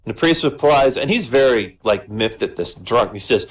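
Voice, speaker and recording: His voice sits on the low side, coming fairly quickly with hardly any pauses, and the audio is poor. He's doing jokes at an online comedy show, chatty and conversational, saying "right?" after lines and raising his voice to act out characters.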